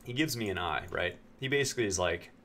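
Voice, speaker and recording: Man, from Pennsylvania, low voice, casual animated storytelling, acts out quoted lines, faint typing in the background. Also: fast talker, a little hiss or hum. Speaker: game streamer.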